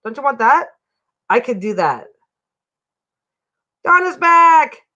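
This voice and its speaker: A woman's voice: high voice, very animated, takes it slowly, bright, forceful tone, lo-fi sound. A woman hosting a casual livestream chat from her home, rambling and often breaking off mid-sentence. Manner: rambling, self-interrupting, chatty. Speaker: livestream host.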